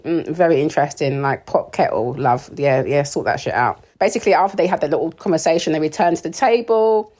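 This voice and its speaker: A British woman with a low voice chats through a reality TV recap in a casual, sarcastic way. She is opinionated and laughs often. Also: brisk, few pauses, a little mellow. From United Kingdom. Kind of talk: casual commentary.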